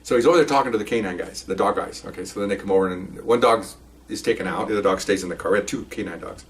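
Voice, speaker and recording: Older retired cop storyteller, rapid and animated, recorded a bit away from the mic. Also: male voice, lowish voice, distant mic. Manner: animated, laughs while telling, acts out voices. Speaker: retired police officer. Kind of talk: casual storytelling.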